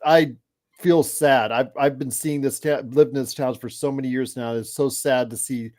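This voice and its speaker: Guy in his 40s chatting hoops live, rambles and restarts, mid-pitch voice, gets loud and excited out of nowhere. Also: moderate pace. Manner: rambling, with frequent restarts and sudden excited outbursts. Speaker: host of a basketball chat show. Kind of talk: casual live game chat.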